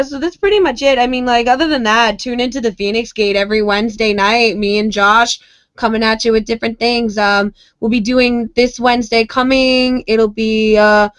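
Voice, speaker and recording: Woman guest on a podcast, kinda high voice, laid back, dry mic. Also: fairly bright tone, no room sound. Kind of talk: casual podcast chat.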